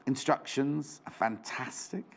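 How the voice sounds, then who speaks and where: A man's voice: mid-range voice, unhurried, vocal fry, fairly bright tone, breathy edge. A man presenting a live shopping show in a studio, chatty and rambling with jokey asides.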